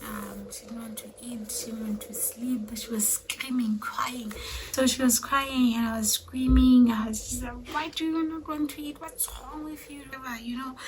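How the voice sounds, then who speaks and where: Hushed, chatty woman. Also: a little high, slight background noise, rough recording. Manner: often drops to a hushed near-whisper; chatty, repeats herself, warm direct address to viewers. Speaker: vlogger and mother of three. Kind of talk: casual chat to camera.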